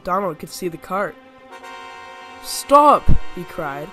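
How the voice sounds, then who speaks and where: A man tells a children's storybook tale in a high voice, reading steadily with plenty of expression. Soft music runs faintly behind him. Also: moderate pace. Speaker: narrator. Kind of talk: storybook narration.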